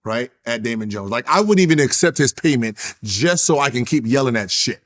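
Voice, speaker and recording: A man in a casual interview, telling a long story full of swearing. He gets animated and acts out what others said in a raised voice. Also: mid-range voice, brisk. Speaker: interview guest, former basketball player.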